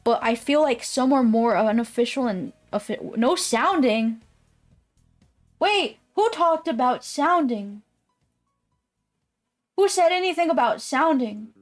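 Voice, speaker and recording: A woman's voice: high voice, animated, slow, long pauses, soft background music. A woman streamer chatting casually with her viewers. She rambles, swears often and laughs easily. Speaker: live streamer. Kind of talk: casual live-stream chat.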